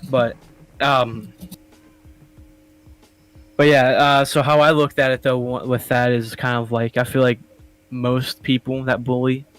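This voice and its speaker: A man's voice: medium pitch, level tone, unhurried, pauses often, no room sound, rough recording. A young man co-hosting a casual podcast, talking loosely with lots of swearing and laughter. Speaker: podcast co-host. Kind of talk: casual chat.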